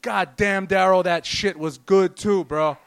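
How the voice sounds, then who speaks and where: High-voiced, foul-mouthed stand-up comedian. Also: male voice, steady tone, unhurried, gravelly, fairly bright tone, clear, resonant tone, faint music behind. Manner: profane, rambling, loose delivery.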